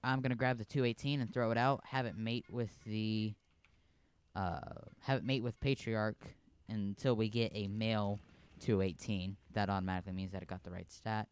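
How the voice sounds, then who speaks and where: A man's voice: on the low side, steady tone, moderate pace, clear, resonant tone. A man co-hosting a livestream, explaining steps plainly and steadily. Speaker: co-streamer. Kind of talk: casual livestream chat.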